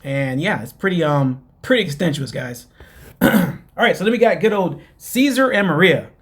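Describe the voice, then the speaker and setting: Man, fairly high voice, casual recap, rambling, filler-heavy, mocking. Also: lively intonation, normal speed. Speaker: podcast host recapping a reality show.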